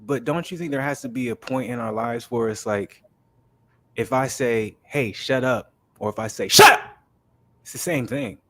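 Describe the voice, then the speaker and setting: A man's voice: medium pitch, normal speed, no echo. A man co-hosting a casual sports podcast, talking animatedly and acting out quotes. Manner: animated, quotes people in acted voices. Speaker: podcast co-host.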